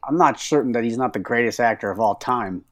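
A man's voice: medium pitch, fast talker. A man co-hosting a podcast, chatting casually and retelling a comedy sketch with lots of asides. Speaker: podcast co-host. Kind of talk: casual chat.

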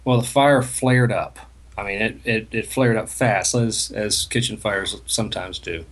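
A man co-hosting a podcast, telling a story in rambling, halting sentences that trail off into quiet fillers. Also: on the low side, fairly even intonation. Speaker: podcast co-host. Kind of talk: casual chat.

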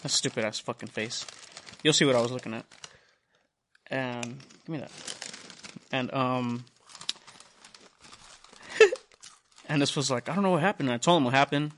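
A man's voice: mid-range voice, fairly even intonation, unhurried, long pauses, a bit bright, a little hiss or hum. Profane young man telling a rambling story. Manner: rambling, profane, retells dialogue in quotes. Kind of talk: casual storytelling chat. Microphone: studio mic.

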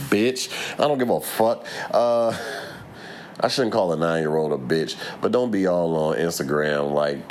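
Deep-voiced man ranting with profanity. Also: slight background noise. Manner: rambling, swearing, laughing at himself. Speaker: vlogger. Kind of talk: casual profane rant.

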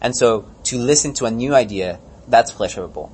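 A man's voice: mid-range voice, fairly quick, a little hiss or hum. Profane, rambling man chatting. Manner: profane, rambling, acts out scenes in animated bursts. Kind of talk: casual chat.

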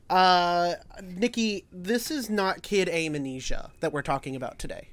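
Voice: mid-range voice, measured pace, few pauses, fairly bright tone, dry recording. A podcast host talking in a laid-back, teasing way during casual comedic chat.

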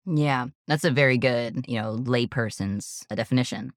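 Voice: mid-range voice, normal speed. A podcast co-host in casual chat, geeking out over textbook definitions and explaining things in a nerdy way.

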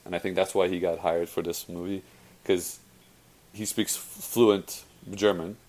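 Low-voiced man in casual film chat. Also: fairly even intonation, measured pace, a little mellow, poor audio. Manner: rambling, many fillers and self-corrections. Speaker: conversation partner. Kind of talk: casual chat about films.

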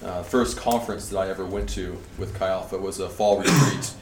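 A man in his thirties speaking to a group, telling an animated story and laughing through it. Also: sits low, a little fast, far from the mic. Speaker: conference speaker. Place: large indoor hall at a retreat facility. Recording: echoey hall, faint room noise.

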